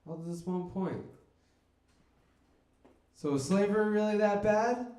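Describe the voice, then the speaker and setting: A man of Mexican background doing a deadpan stand-up set in a comedy club. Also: high-pitched, unhurried. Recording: echoey club room.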